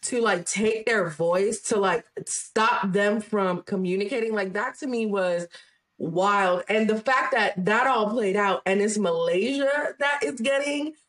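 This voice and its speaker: Female podcast co-host, mid-pitched, animated and opinionated. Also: a little slow. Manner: animated, heated retelling with quoted voices. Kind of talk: casual chat.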